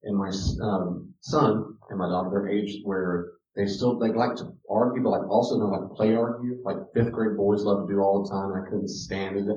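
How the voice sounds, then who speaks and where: A low-pitched man teaches parents in a casual, storytelling way, often restarting his sentences and jumping from muttered asides to loud, emphatic points. He sounds distant from the mic, with the room echoing around him. The sound is dull. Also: fairly even intonation, normal speed. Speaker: counselor teaching a parenting class. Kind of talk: informal teaching talk with personal stories.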